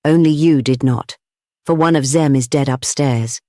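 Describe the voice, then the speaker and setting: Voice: medium pitch, normal speed, mellow, no room sound, clean studio sound, lightly acted. A narrator voicing a panicked foreign male hotel proprietor who pants and stammers. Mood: stammering. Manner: breathless, stammering.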